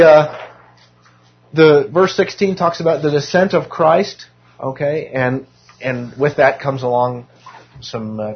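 A hoarse man teaching a casual Bible class, with joking self-deprecating asides and frequent restarts. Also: mid-range voice. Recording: dull lo-fi room recording.

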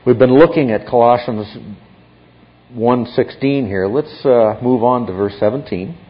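A man's voice: medium pitch, measured pace. A man teaching a Bible class, explaining step by step and often checking in with his listeners. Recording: dull lo-fi recording.

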